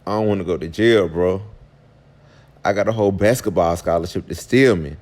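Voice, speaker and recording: Guy doing his scared young athlete boyfriend, low voice, begging over and over. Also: brisk, darkish tone, lightly acted. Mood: scared, pleading. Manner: begging, repeating himself.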